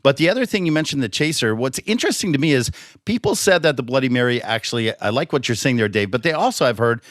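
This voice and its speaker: Man, quick, animated, enthusiastic podcast co-host, dry close mic. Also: mid-range voice, dry recording. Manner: enthusiastic, emphatic, jumps in with asides. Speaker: guest host. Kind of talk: casual podcast chat.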